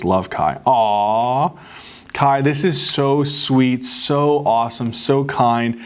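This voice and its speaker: Male host, mid-range voice, reads fan letters aloud, casual and openly grateful. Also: medium pitch. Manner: warm, grateful, gets choked up. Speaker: host reading fan mail. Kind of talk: casual chat to camera.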